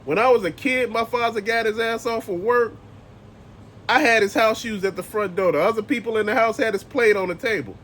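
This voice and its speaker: Profane ranting man, high voice. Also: a little fast, a bit bright, slight background noise. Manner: profane, emphatic, heated ranting. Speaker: channel host. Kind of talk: ranting commentary vlog.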